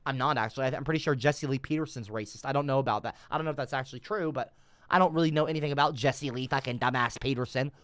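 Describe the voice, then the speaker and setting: A man doing rambling, sarcastic livestream commentary, cursing often, trailing off mid-sentence and swinging between mumbles and loud outbursts. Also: mid-range voice, very fast, smooth, no echo.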